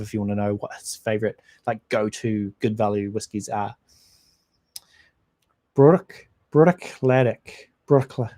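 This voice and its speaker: A man with a New Zealand accent and a dark, mid-range voice hosts a casual whisky channel livestream. He rambles in a friendly way, reading out viewer comments and answering them.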